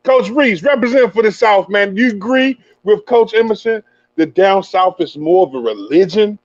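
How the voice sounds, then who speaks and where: A man's voice: high-pitched, expressive, moderate pace, no echo, muffled recording. A man hosting a casual sports talk show, hyped and slangy, laughing easily. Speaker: host.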